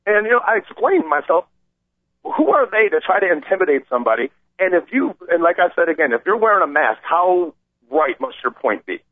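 A man calling in to a radio show and telling an animated, rambling story, acting out the voices of the people in it. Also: high voice, a little fast, dry recording. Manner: excited, acts out quoted voices, rambling. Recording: tinny phone line, dry.

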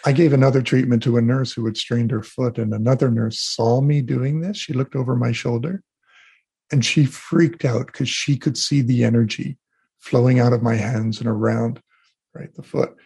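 A man being interviewed as an energy healer, telling animated stories and acting out what people said. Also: mid-range voice, normal speed, gravelly, slightly rough. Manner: animated storyteller, acts out quotes. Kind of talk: casual interview talk.

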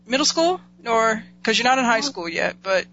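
A woman's voice: fairly high pitch, sing-song, moderate pace, a bit bright. A woman hosting a casual interview, supportive, answering often with "okay". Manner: supportive, many "okay" acknowledgements. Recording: dull lo-fi sound with faint hum.

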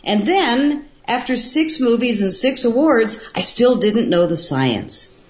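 A middle-aged woman guest telling stories in an animated way, acting out what people said. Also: a little high, slow. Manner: animated storyteller, acts out quotes. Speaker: guest filmmaker. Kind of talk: storytelling in a radio interview. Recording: roomy, dull lo-fi sound.

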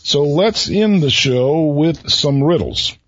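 A man hosting a radio talk show who tells riddles to his listeners slowly, repeating each one and pausing before the answer, with a folksy manner. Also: fairly high pitch, expressive, fairly bright tone, no room sound. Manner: folksy, chuckles at his own jokes. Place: radio studio. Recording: dull lo-fi radio recording.

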